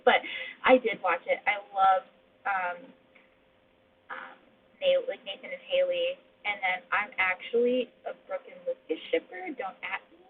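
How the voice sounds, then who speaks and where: A woman's voice: mid-range voice, unhurried, husky. A woman with a Midwestern accent hosting a casual live chat about TV shows, rambling and laughing often as she talks from home. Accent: Midwestern American. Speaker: host. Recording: muffled phone-like audio with faint hum.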